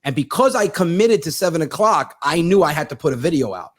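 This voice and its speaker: A man's voice: fairly high pitch, sing-song, fairly quick, no echo. Profane sarcastic male storyteller. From United States. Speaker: comedian guest. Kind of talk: casual storytelling chat.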